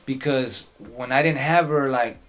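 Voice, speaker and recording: A man in a casual podcast chat, talking in a mid-pitched voice with frequent halting restarts and loose swearing. The audio is dull and lo-fi. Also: steady tone, fairly bright tone. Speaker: podcast guest, rapper. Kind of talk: casual sit-down interview.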